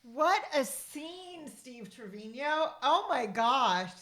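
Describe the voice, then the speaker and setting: A woman co-hosting a podcast in casual chat, mostly giving short, expressive reactions. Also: high voice, slow. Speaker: podcast co-host.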